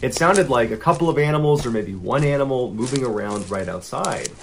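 A man narrating true scary stories as a host, building suspense and rising in pitch and loudness at the tense moments. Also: expressive, brisk, creaky, background noise. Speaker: storyteller host. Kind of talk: dramatic true-story narration.

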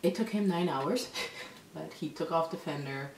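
A woman telling a story in a casual vlog, animated and exasperated. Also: low voice, moderate pace. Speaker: vlogger. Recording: echoey room, mic at a distance, faint background noise.

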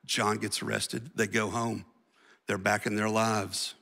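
A man preaching a sermon with a bright, forceful tone, telling the story in a casual, slangy way. His voice rings out with a long hall reverb, as if from a church sanctuary. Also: lowish voice, level tone, unhurried, gravelly. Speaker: pastor.

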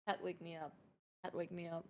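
A woman's voice: on the low side, level tone, a little fast, a little mellow. A young woman streaming a game, chatting to her viewers in a giggly, teasing, playful way. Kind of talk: casual gaming live-stream chat.

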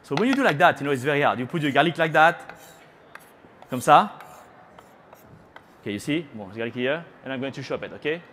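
A man's voice: on the high side, animated, very fast, noisy background. A man from France with a French accent, a chef giving a chatty live cooking demonstration on a trade show stage, teasing the audience and slipping into French phrases.

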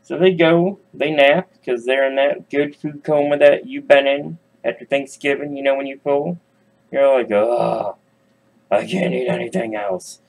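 A man's voice: on the high side, level tone, normal speed, poor audio. A man telling a fairy tale for adults in a loose, profane, chatty way, full of asides to the audience. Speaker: storyteller. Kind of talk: casual comic storytelling.

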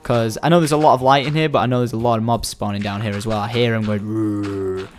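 A man's voice: mid-range voice, racing, faint music behind. Chatty Scottish young man commentating a game. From Scotland. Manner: chatty, excitable, talks to animals in game. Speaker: gaming commentator. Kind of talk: casual gameplay commentary.

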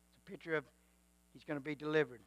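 A male preacher delivering a sermon, swinging from quiet musing to loud exhortation and calling for amens. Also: fairly high pitch, steady tone, quick pace, no room sound, dull audio.

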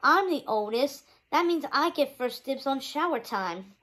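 Storybook eldest brother, loud and bossy, voiced by a woman. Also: high voice, animated, a little slow. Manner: shouting, bossy. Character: bossy sixteen-year-old eldest brother.

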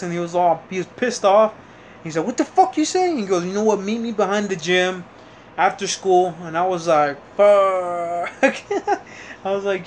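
Young guy vlogging, kinda high voice, rambly and sweary, faint room noise behind. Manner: rambling, many restarts and fillers, swears casually. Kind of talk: casual storytelling to camera.

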